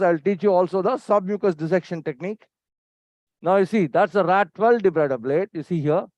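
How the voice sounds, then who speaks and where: Speaking in a high, slightly mellow voice with no room sound, a surgeon teaches live from the operating theatre. He repeats "see here" and his pointers, quizzes his listeners, and is brisk and impatient with staff; the recording is dry, dull and lo-fi.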